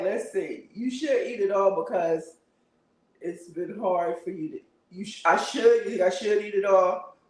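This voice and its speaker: A man's voice: sits high, distant mic. A man hosting a casual livestream, chatting and answering viewer comments with frequent laughter. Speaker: livestream host. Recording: roomy, a bit off-mic.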